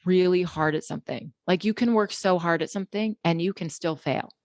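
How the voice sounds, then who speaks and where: A middle-aged woman, a psychologist guest, telling a personal story candidly in a relaxed interview. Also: lowish voice, brisk, dry recording, clean studio sound. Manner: candid, conversational, many fillers.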